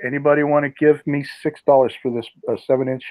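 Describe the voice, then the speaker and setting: A man's voice: mid-range voice, steady tone, quick pace, dry recording. A man hosting a live online auction, calling bids and greeting chat viewers by name. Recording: tinny phone-like sound, dry.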